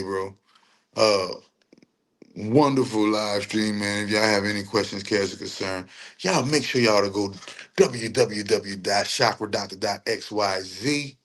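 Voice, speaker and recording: A man's voice: lowish voice, fairly bright tone. A man hosting a livestream, with casual, slangy commentary that he drags out and laughs through. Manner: slangy, laughing, drawn-out mocking repetition. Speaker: livestream host.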